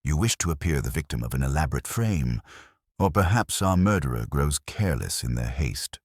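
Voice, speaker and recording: A man voicing a fastidious older male detective who speaks in a precise, measured way. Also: extremely low pitch, expressive, darkish tone, no echo, clean studio sound, full character voice. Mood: probing.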